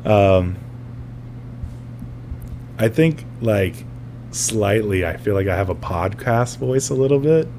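A man's voice: fairly low pitch, expressive, slow pace, pauses often, a little mellow, slight background noise. A man co-hosting a podcast in casual chat, laughing often and acting out voices as he tells stories. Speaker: podcast co-host.

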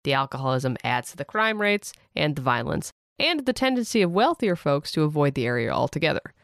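A podcast host narrating history with wry, deadpan comic asides. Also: mid-range voice, a little fast, gravelly, dry recording, clean studio sound.

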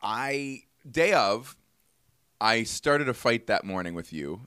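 A man's voice: medium pitch, lively intonation, slow, a bit bright, clear, resonant tone, no echo, studio quality. A man co-hosting a podcast, casually telling a rambling story and acting out both sides of the conversation. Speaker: podcast co-host. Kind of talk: casual chat.

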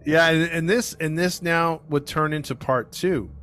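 With soft music in the background, a podcast host narrates a true crime case in an unhurried, fairly high, slightly bright voice. He meanders, restarting often and filling gaps, while acting out the quoted dialogue.

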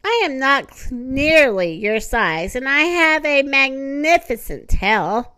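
Storybook figure: a woman voicing a cheeky monkey, bouncy and high. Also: animated, slow pace, bright, forceful tone, no echo, full character voice. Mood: teasing. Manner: teasing, boastful. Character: cheeky, bragging male monkey. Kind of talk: storybook read-aloud.

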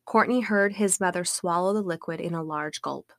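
A woman co-host calmly narrates a passage from a true-crime book. Her voice sits a little low. The recording is close and dry. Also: moderate pace, no echo. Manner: calm, even narration. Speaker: podcast co-host. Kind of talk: reading a true-crime book excerpt aloud.

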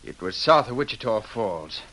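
An actor playing a rugged cowboy posing as a marshal in a 1940s radio drama, earnest and defensive. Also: male voice, lowish voice, very animated, moderate pace, a bit bright, rough recording. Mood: tense.

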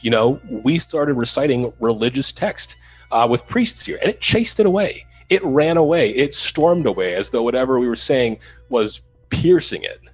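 Male paranormal investigator, mid-range voice, animated storyteller; faint music bed. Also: mid-range voice, moderate pace, slightly rough, low-quality recording. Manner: animated retelling, rising to loud urgency. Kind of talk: storytelling in a podcast interview.

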